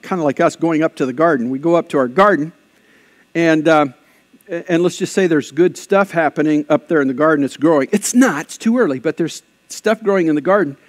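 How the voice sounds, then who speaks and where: A man pastor preaching a lively sermon, shifting between conversational asides and loud, emphatic bursts. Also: a little high. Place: church.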